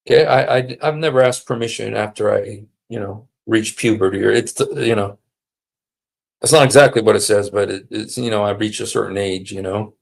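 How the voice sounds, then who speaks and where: A man's voice: on the low side, fairly even intonation, moderate pace, creaky. A man hosting a casual livestream, talking in a sarcastic, mocking way and repeating himself for emphasis. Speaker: livestream host.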